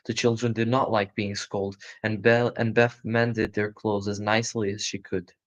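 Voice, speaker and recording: A man giving a live reading of a children's storybook in a calm, steady voice. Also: lowish voice, moderate pace. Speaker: storybook reader. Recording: muffled lo-fi recording.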